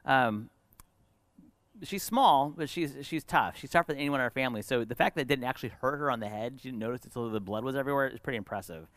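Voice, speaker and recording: A middle-aged pastor with a medium-pitched voice talks fast while preaching a sermon. He shares a personal story earnestly, shifting between lively and hushed, with no echo on the recording.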